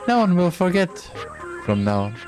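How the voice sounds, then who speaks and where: A man's voice: high voice, sing-song, moderate pace, a little mellow, faint music behind, voice pushed up. A man putting on a gloating sadistic game-show host. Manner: mock-cheerful, theatrical announcing. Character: gleeful sadistic male game-show presenter. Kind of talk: reading game dialogue aloud.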